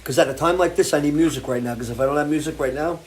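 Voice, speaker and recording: Recorded on a home porch with slight background noise, a man with a fairly high voice speaks rapid-fire. He's hosting a live music show, launching into an impassioned, off-the-cuff rant peppered with swearing and restarts, typical of livestream talk.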